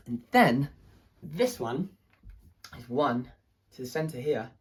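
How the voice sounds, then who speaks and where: Husky, rambling, hesitant, excitable storytelling. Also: mid-range voice, slow. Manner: rambling and hesitant, with many fillers and restarts; excitable, wondering tone. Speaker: artist telling a personal story. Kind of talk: casual personal storytelling.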